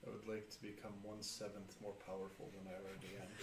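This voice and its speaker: A man playing in a tabletop game, talking in an animated way and laughing often. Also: fairly low pitch. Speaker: player. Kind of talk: tabletop role-play banter. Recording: roomy with clear background noise.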